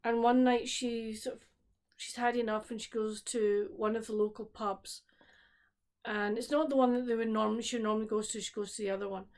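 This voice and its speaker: A Scottish woman talks to her camera in a loose, conversational way, her voice sitting a little higher than most. She wanders through her thoughts, stopping mid-sentence and starting again, as a home book vlogger catching up with her viewers. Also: steady tone, fairly quick, a little mellow. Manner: rambling, breaks off and restarts sentences. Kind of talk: casual chat. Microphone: solo camera recording at home.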